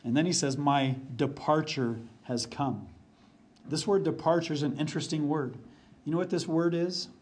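A man preaching a sermon as pastor, repeating phrases for emphasis and dropping low and quiet when reading verses. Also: normal speed. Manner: varies pace and volume, drops low for quoted verses.

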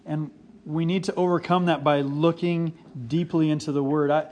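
40s guy preaching, earnest, kinda higher voice, keeps repeating the key bits. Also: fairly even intonation, normal speed, darkish tone. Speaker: pastor. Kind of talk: sermon.

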